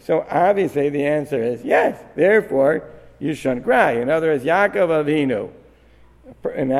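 A man leads a religious study lesson, reasoning aloud and posing questions to himself with frequent restarts. His voice sits slightly high for a man. A long hall reverb trails behind every phrase. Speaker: Torah teacher. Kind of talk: Talmudic-style study lesson.

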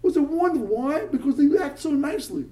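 Male rabbi, lively talk to students, high pitch with a wide range, Hebrew and Yiddish words mixed into English, stumbles and repeats himself. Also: a little fast, low-quality recording. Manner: animated storyteller, repeats words when excited. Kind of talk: motivational talk to yeshiva students.

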